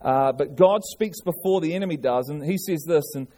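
A man's voice: on the high side, normal speed, warm tone. A man preaching a sermon, earnest, often restarting and repeating his words. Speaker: pastor.

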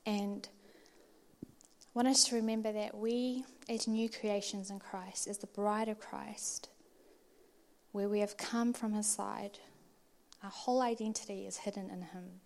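A woman's voice: mid-range voice, fairly even intonation, measured pace. Earnest woman preaching conversationally. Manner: earnest and conversational, soft at times. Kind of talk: conversational sermon.

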